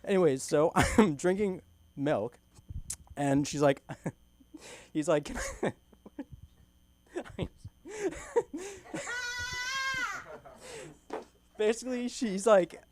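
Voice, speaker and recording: A man's voice: sits high, sing-song, slow, long pauses, a little mellow, a little hiss or hum. A young man from California doing a stand-up set at an open mic in a small comedy club, rambling loosely and giggling through his own jokes.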